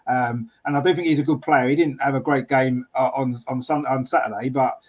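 A fast-talking man hosts a football chat. He weighs his views carefully and keeps tossing in tag questions. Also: mid-range voice, steady tone, slightly rough. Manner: measured, hedging, tag questions. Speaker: podcast host. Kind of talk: casual chat.

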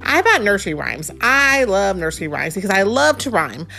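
A woman's voice: medium pitch, big pitch swings, normal speed, vocal fry, bright, forceful tone, faint music behind, full character voice. A woman voicing an eager, cheeky little chick boy, reading a storybook aloud. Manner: bouncy, pleading, cheeky.

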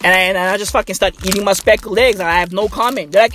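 A man's voice: high-pitched, fast talker, hardly any pauses, sharp tone, faint music behind. A man ranting casually and profanely, rambling and repeating himself. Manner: rambling, repetitive, heavy swearing. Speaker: vlogger.

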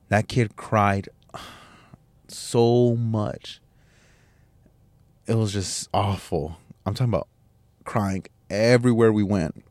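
Candid low-voiced man telling a story. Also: darkish tone, dry recording. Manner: candid, emotional, rambling with restarts and swearing. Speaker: podcast host. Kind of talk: personal storytelling monologue.

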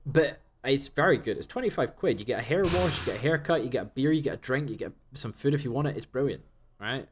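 Over some background noise, this young man co-hosts a podcast with fast, lively delivery at a medium pitch. He tells stories in casual chat, voicing the back-and-forth of quoted conversations.

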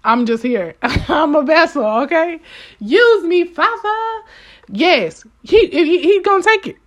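A woman giving an informal spoken devotional to her listeners. She talks emphatically and repeats her key lines, swinging between fervent outbursts and quiet asides. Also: extremely high pitch, expressive, takes it slowly, highs cut off. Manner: emphatic and repetitive, addressing listeners directly. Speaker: devotional speaker.

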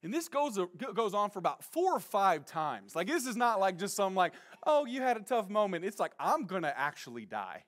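A young male pastor tells a story from the pulpit in a high-pitched voice. He is animated and loose, full of casual slang, and he throws himself into the quoted lines, sometimes shouting them out. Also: normal speed, few pauses. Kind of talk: sermon storytelling.

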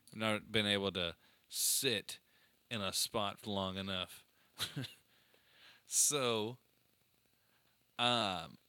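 Man, casual chat, animated storytelling, very bright voice, dry close sound. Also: fairly low pitch, smooth, dry recording. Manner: animated storyteller, laughs often.

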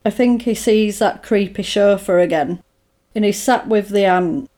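Scene by scene, a woman co-hosting a podcast walks through a film in a casual chat, leaning on "like" and "basically" and voicing the characters herself. She has a mid-range, dark-toned voice and keeps a measured pace.

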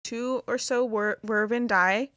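A woman's voice: on the high side, steady tone, a little slow, fairly bright tone, dry recording, clean studio sound. A young woman co-hosting a podcast, casually retelling a story with lots of "like" fillers. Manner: rambling retelling with many "like" fillers. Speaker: podcast co-host. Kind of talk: casual chat.

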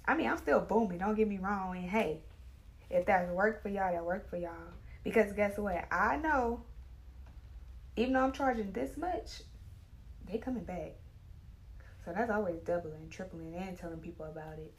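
A woman's voice: mid-range voice, normal speed. A woman hairstylist, talking in a chatty, emphatic casual monologue. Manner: chatty, animated, emphatic, with dialect grammar. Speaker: hairstylist and salon owner.

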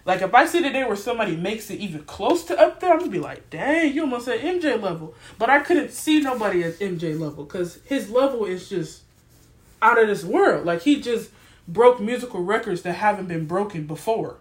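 A young woman guest on a podcast, talking in an emphatic, animated, slangy way. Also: medium pitch, fairly quick. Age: young adult. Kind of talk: casual podcast chat.

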